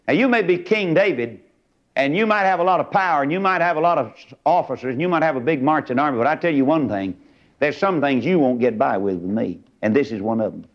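A fiery middle-aged preacher with a drawl, his voice lively and leaping up high and then dropping low. He preaches a fiery sermon in a slightly high register, captured on a dull, lo-fi recording. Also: quick pace. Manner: fiery, swinging from loud highs to low asides.

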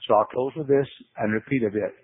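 A man's voice: mid-range voice, fast talker, slightly rough, no echo. A man preaching a sermon, emphatic and repetitive, his voice climbing sharply on the words he stresses. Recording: tinny phone-like radio broadcast.

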